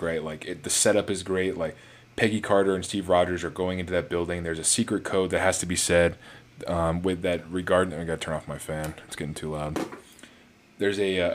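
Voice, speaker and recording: A man giving a casual, rambling movie review on his channel, full of fillers and restarts. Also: deep voice.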